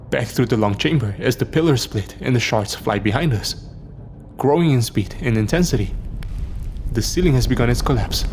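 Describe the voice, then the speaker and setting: A man's voice: medium pitch, slight background noise. A man narrating a scripted first-person horror story. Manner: dramatic first-person storytelling, lines for each character read aloud.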